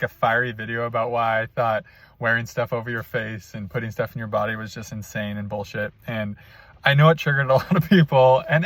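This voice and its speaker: A man's voice: mid-range voice, fairly bright tone, no echo. A young man giving a candid, rambling spiritual monologue from a parked car, full of fillers, restarts and self-conscious asides. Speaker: spiritual coach. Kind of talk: casual spiritual vlog monologue.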